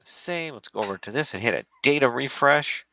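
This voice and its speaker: A man's voice: medium pitch, lively intonation, a little fast, creaky, bright, forceful tone, no room sound, highs cut off. Sarcastic man reading fantasy scores. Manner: dry sarcastic, reads out scores. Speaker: podcast co-host. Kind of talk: casual chat.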